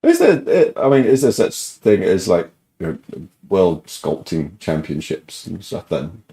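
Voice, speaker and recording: A man's voice: low voice, wildly swooping pitch, a little slow, warm tone. A man hosting a livestream, asking hesitant, rambling questions and dropping in short encouraging replies. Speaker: livestream host. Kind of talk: casual interview chat.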